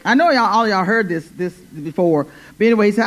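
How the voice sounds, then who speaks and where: A woman's voice: mid-range voice, expressive, brisk. A woman preaching a church sermon, repeating her phrases and calling "Amen?" to the congregation. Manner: fervent, repeats phrases, call-and-response "Amen?". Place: church service.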